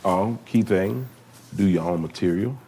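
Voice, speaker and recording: A man in his fifties, a comedian telling animated stories in a casual chat, breaking into character voices and laughter. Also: low-pitched, unhurried, a little hiss or hum. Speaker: guest comedian.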